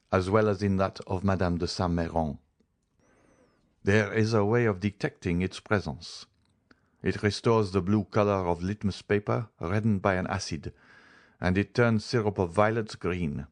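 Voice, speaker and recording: A man voicing a grave male doctor in a storybook, speaking in a measured, solemn way. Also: deep voice.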